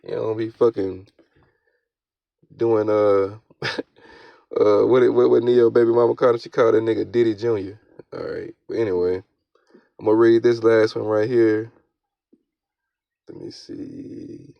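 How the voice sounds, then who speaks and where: A man giving casual, slang-heavy scripture commentary, often tagging his lines with "all right?" and reading verses aloud slowly. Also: on the low side, fairly even intonation, vocal fry, dry recording. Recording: dull, lo-fi, dry sound.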